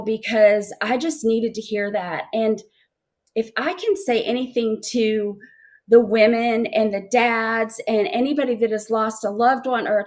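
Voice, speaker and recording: In a slightly high and faintly mellow voice, a middle-aged woman gives heartfelt testimony during an interview. Emotional and halting, she keeps repeating words as she gropes for her next thought.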